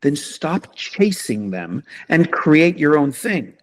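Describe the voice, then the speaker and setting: A man's voice: fairly high pitch, big pitch swings, takes it slowly. A man, a podcast guest, speaking emphatically and passionately in a conversational interview, with repeated rhetorical questions.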